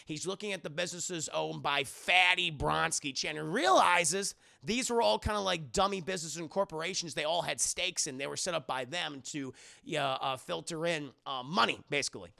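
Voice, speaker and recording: A man's voice: a little high, moderate pace, gravelly, few pauses, pushed and bright. A young man streaming a profane, rambling recap of a movie, talking straight to his live chat.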